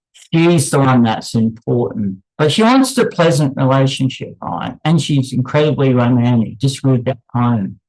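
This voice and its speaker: A man's voice: medium pitch, a little mellow, low-quality recording. A man hosting an unscripted commentary, candid and blunt, rambling off on tangents as he talks. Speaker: channel host.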